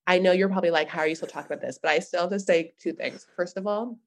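A young woman hosting a podcast, recapping a reality show in an animated, gossipy chat full of fillers. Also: on the low side, racing. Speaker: podcast host.

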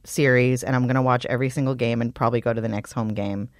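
A woman's voice: very deep voice, steady tone, fast talker, no room sound. A woman co-hosting a podcast in casual sports chat, emphatic and opinionated, laughing easily. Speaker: podcast co-host.

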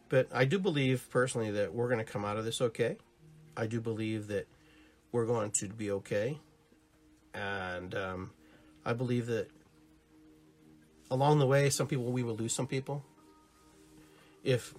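A man hosting a spiritual podcast, talking casually and live to his listeners. He muses and rambles with many restarts and asides, and grows animated when he tells stories. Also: on the low side. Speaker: podcast host on spiritual and holistic topics.

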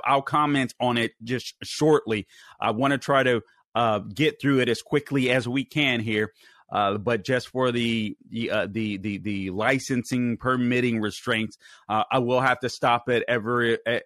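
Male talk show host, emphatic political commentary, mid-pitched, dry close studio sound. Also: steady tone, moderate pace, fairly bright tone, no room sound. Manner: heated, emphatic, with frequent fillers and restarts.

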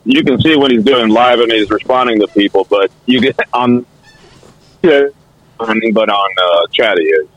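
A man's voice: on the low side, moderate pace, fairly bright tone, no echo. Man on a dull, dry remote line. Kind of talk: casual chat on a live show.

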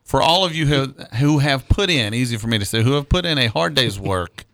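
A man's voice: medium pitch, expressive, a little fast, fairly bright tone, no room sound. Tired, laughing radio co-host man. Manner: tired, laughs often, stammers. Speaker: radio sports show co-host. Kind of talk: casual radio chat.

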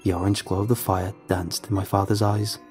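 A man giving scripted first-person horror narration in a measured, ominous manner. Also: deep voice, little pitch movement, a little mellow, soft background music.

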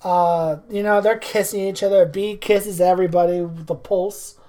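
A woman's voice: mid-range voice, moderate pace. A woman casually recapping a horror movie, acting out the characters and laughing often. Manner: animated storytelling, acts out characters, laughs often. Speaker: podcast co-host recapping a movie. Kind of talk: casual chat.

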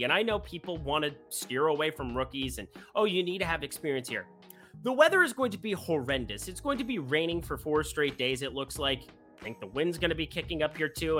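An upbeat, jokey sports betting host running through golf picks in a casual way. The voice is bright and swings widely in pitch, often lifting phrases into a question-like rise.

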